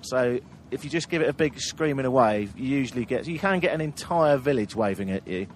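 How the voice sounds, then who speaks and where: A man's voice: medium pitch, lively intonation, fairly quick, a little hiss or hum. Laughing man telling travel stories. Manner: laughing, anecdotal storyteller. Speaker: podcast host and traveller. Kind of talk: casual travel chat.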